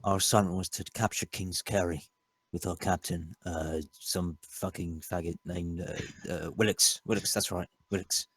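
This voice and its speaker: A man's voice: sits low, fairly even intonation, moderate pace, few pauses, fairly bright tone, breathy edge, no echo. A man playing a tabletop game in character, speaking bluntly and profanely. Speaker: player. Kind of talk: in-character tabletop role-play.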